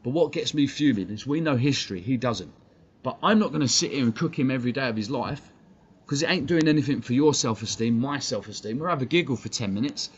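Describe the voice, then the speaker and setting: A man's voice: mid-range voice, expressive, fast. A man ranting bluntly on a live fan stream, swearing and combative. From England. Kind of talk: heated live-stream rant. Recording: dull lo-fi stream audio, faint background noise.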